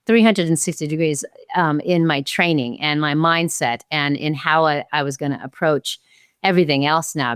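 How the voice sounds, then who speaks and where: A woman in her sixties, a podcast guest, telling a story and acting out her own past thoughts with lively energy. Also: low voice, smooth, no room sound, studio quality. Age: 60s. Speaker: podcast guest, martial arts champion. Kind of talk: storytelling in an interview.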